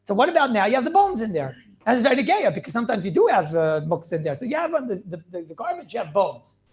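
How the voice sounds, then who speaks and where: A rabbi teaches his class in an animated, chatty way, firing off questions and laughing often. He stumbles over repeated words as he restarts his thoughts. His voice sits high and his intonation swings widely. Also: fast talker. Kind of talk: lively Talmud class lecture.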